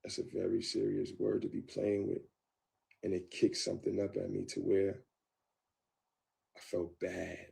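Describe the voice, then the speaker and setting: A man tells his story in a candid interview. His voice sits low and gravelly with a dark, mellow tone. He acts out what he once thought and loops back on his own phrases. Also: flat delivery, measured pace, pauses often. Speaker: guest.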